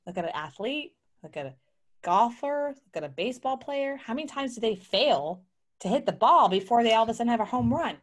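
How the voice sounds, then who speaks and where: Animated woman telling her story. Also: a little high, fairly quick. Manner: animated, acts out quoted voices. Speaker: guest entrepreneur. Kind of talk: casual interview storytelling.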